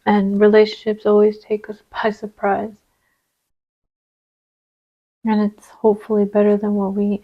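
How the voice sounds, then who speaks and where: A woman giving a channeled card reading, gentle and reassuring, sometimes dropping to a soft whisper as she places cards. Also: fairly high pitch, highs cut off. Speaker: tarot reader.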